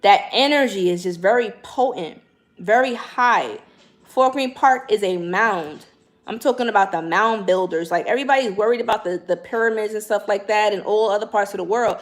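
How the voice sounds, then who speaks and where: A woman's voice: medium pitch, moderate pace. Slangy New woman chatting to viewers. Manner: slangy, animated, addresses viewers directly. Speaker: spiritual livestream host. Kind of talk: casual livestream chat.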